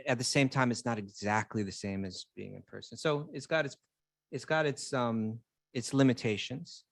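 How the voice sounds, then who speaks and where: A man's voice: medium pitch, moderate pace, creaky, dry recording. A man in a casual spiritual conversation who talks earnestly and explains his ideas with care. His voice sits in the middle range and is recorded close and dry. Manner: earnest, explanatory, builds points step by step. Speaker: co-host.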